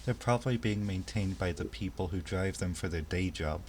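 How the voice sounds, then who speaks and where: A man playing a tabletop game online, chatting casually and rambling with quick jokes. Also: low-pitched, a little mellow, a little hiss or hum. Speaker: tabletop player. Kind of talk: casual in-character game chat.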